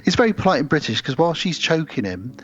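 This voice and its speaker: A man's voice: a little high, very animated, quick pace, a bit bright, husky, lo-fi sound. A man co-hosting a podcast, casually retelling a film's plot at length and acting out the characters' lines as he goes. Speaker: podcast co-host. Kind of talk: casual film review chat.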